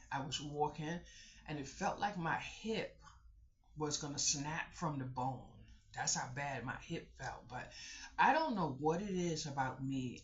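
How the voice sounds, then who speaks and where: A vlogger telling a personal story in a casual storytelling vlog, chatty and animated, talking straight to viewers and repeating the same catchphrase. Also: mid-range voice. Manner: animated storyteller, repeats "I kid you not", acts out others' voices; chatty, addresses viewers directly. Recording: dull lo-fi recording.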